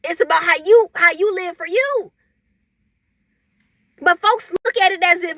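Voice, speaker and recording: High, bright-voiced woman ranting with laughs. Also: unhurried, pauses often, no echo. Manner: animated, laughing, acts out others in mocking voices. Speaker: vlogger. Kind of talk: casual monologue to camera.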